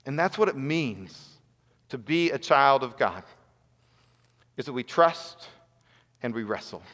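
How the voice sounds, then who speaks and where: A man's voice: mid-range voice, fairly bright tone. A man preaching a sermon in an earnest voice, building to rhetorical questions. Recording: long hall reverb.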